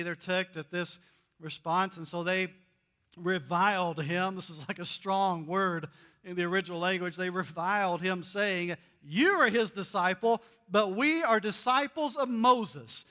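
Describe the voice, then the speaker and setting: Guy pastor preaching, high bright voice, chatty and playful, acts out the bits. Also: smooth. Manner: conversational, playful, acts out the dialogue. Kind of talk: sermon. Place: church sanctuary.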